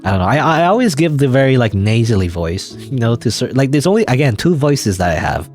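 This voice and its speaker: A young man casually rambling through a game, self-deprecating and quick to laugh. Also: mid-range voice, very animated, a little mellow, faint music behind. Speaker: let's play gamer. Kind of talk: casual gameplay commentary.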